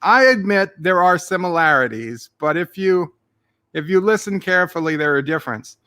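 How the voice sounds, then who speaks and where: A man's voice: sits high, lively intonation, normal speed, sharp tone, clear, resonant tone. A man hosting a live stream, reading out chat messages in a joking, rambling way with a put-on Irish-Australian accent. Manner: jokey, rambling, playful silly voices. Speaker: livestream host reading chat.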